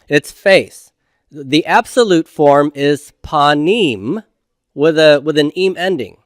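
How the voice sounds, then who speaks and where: A man's voice: a little high, animated, slow, dry recording, studio quality. A middle-aged man teaching a recorded grammar lecture. He patiently asks questions and then answers them himself.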